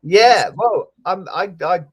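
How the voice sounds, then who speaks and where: A man's voice: high-pitched, animated, slow pace, slightly rough. A man, a police officer co-hosting, chatting casually over a video call in an easygoing, hesitant way with plenty of fillers. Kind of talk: casual chat.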